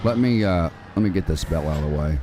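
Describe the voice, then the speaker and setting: A man's voice: deep voice, fast, dark tone, slight background noise. A man hosting a live farming-game stream, talking viewers through the controls in a casual, chatty way and calling them man and dude. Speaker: gaming livestream host. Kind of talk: live game tutorial with chat.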